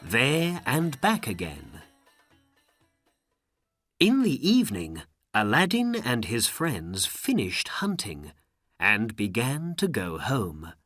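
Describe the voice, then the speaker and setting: Woman storyteller, very low pitch, slow careful reading, lively intonation, dry close mic. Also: no echo, faint music behind. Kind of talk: graded reader narration.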